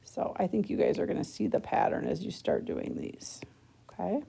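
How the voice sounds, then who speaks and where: A woman's voice: fairly low pitch, huge pitch swings, normal speed, creaky, dark tone, breathy edge. A woman teacher patiently walking students through a worksheet, step by step, checking in with a frequent "okay?". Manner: talks students through each step of the task. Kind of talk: worksheet lesson recorded for students.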